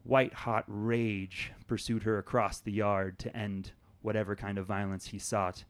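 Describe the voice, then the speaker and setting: A man's voice: fairly low pitch, little pitch movement, a little slow. A man narrating scenes as game master in a tabletop game, telling the story descriptively.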